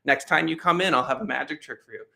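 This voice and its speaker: A man's voice: on the high side, quick pace, creaky, pushed and bright, exaggerated voice. A man voicing a flustered male restaurant magician in a joke he is telling, anxious and eager to please.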